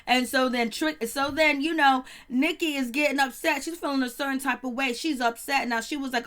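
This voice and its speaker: Woman, casual TV recap, chatty and laughing, fairly high voice. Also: steady tone, fairly quick, a bit bright. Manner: chatty, laughing, exclaims "Lord have mercy". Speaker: show recap reviewer.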